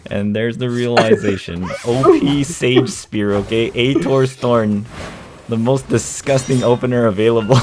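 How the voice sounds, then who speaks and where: A man's voice: medium pitch, takes it slowly, a little mellow, a little hiss or hum. Laughing, cursing man in gaming chat. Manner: swears often, laughs through retold stories. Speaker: gaming streamer.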